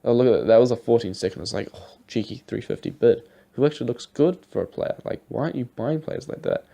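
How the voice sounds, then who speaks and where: A man's voice: mid-range voice, lively intonation, fast, vocal fry, warm tone. A young man giving rambling, casual commentary over his football game footage, swearing now and then. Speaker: gaming YouTuber.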